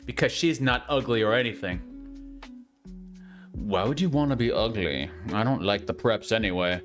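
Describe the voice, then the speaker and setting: A man's voice: lowish voice, expressive, moderate pace, a bit bright, faint music behind. A man voicing an angsty, self-pitying teenage goth girl who speaks in a whiny, dramatic way.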